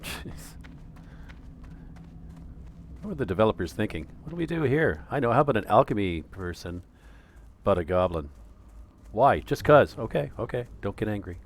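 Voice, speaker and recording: Deep-voiced joking man streaming a game. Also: very animated, moderate pace, pauses often. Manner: joking, sarcastic, slips into voices. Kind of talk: casual gameplay commentary with read-aloud quests.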